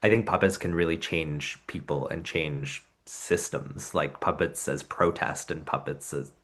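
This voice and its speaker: A man's voice: rumbling low, steady tone, a little slow, a bit bright. A man who works as a professional puppeteer, a guest on a casual podcast, talking thoughtfully and acting out his anecdotes. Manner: thoughtful storyteller, acts out anecdotes. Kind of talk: casual interview chat.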